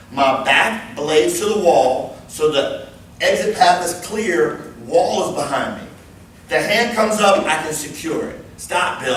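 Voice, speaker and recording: A man in his fifties running a live workplace safety training class, animated and joking as he demonstrates moves. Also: fairly high pitch, a little hiss or hum. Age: 50s. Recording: very echoey room, far mic, faint ambience.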